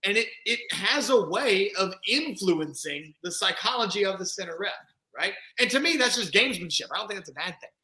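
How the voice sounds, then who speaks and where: A man's voice: high voice, lively intonation, a little fast, sharp tone. A man hosting a podcast in casual chat, talking emphatically and checking in with rhetorical "right?". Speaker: podcast host. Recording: echoey room.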